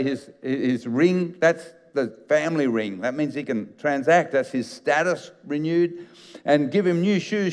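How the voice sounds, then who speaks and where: Male pastor, mid-pitched, chatty storyteller sermon, long hall reverb. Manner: conversational storytelling, animated retelling. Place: church auditorium.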